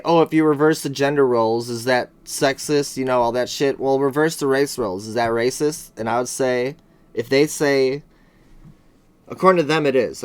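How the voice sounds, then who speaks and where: A man co-hosting a casual podcast who keeps riffing into jokes. His voice sits at a middle pitch and sounds unforced. He spins out loose banter between bits. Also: clean tone. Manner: joking, riffs into silly bits. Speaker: podcast co-host. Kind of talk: casual chat.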